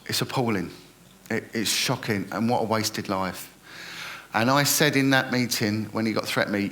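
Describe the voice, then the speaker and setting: A man's voice: lowish voice, steady tone, normal speed, fairly bright tone, slight background noise. A middle-aged man, a retired police detective earnestly recounting his experiences in an interview and quoting others in dialogue.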